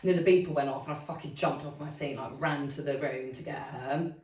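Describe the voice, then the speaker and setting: A woman's voice: low voice, fairly even intonation, brisk, a little mellow. Sweary young woman, roomy distant sound. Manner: candid, sweary storytelling full of "like". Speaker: podcast co-host. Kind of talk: casual chat.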